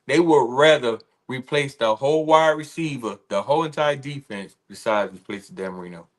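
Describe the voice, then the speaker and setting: A man's voice: medium pitch, moderate pace. A man co-hosting a casual sports chat on a livestream, talking in an assured way. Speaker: co-host.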